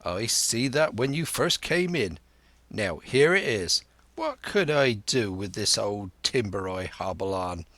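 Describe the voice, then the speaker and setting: A man voicing a wily, blustering one-legged old pirate cook in a slow audiobook reading. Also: lowish voice, expressive, a bit bright, no room sound. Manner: bluff, blustering, sly sea talk.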